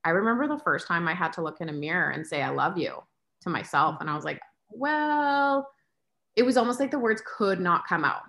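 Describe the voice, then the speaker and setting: A woman's voice: fairly low pitch, expressive, a little fast, gravelly, fairly bright tone. Woman in her thirties telling stories. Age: 30s. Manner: candid, storytelling, acts out her own inner voice. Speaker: yoga teacher. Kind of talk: casual conversation.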